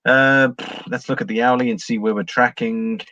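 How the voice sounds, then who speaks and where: A man's voice: mid-range voice, fairly even intonation, moderate pace, bright, forceful tone, no echo, highs cut off. Chatty man hosting a market livestream. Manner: chatty, rambling, reads viewer comments aloud. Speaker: livestream host reading charts. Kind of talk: casual livestream chat.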